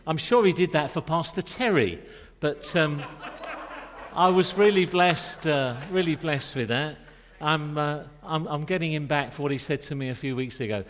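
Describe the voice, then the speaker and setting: A middle-aged man with a voice on the high side preaches a sermon at a moderate pace. He's chatty, joking with the congregation between points, and the long reverb of a church hall surrounds him.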